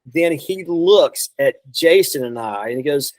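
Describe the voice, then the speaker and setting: A man's voice: on the high side, expressive, measured pace, a little mellow, no room sound, rough recording. A man telling a long road story in a casual chat, rambling, with many restarts and quoted asides. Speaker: guest drummer.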